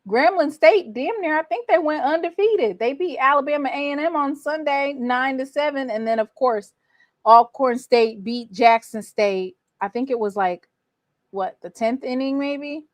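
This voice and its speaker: This sports show host speaks in a high voice at normal speed, chatting with viewers as y'all on her casual recap stream and sounding exasperated at the scores. The recording has no room sound.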